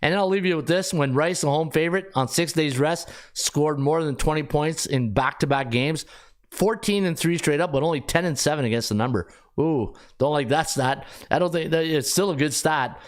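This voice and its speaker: A middle-aged man hosting a sports betting podcast, talking casually in an animated, rambling way with frequent restarts. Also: on the high side, normal speed. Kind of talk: casual live-stream talk.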